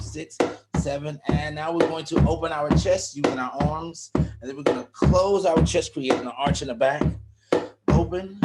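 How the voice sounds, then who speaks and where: Man leading a slow rhythmic warm-up. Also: on the high side. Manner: rhythmic counting and chanting, switching between English and Spanish. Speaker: workshop facilitator. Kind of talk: guided warm-up and call-and-response on a video call. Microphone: video call.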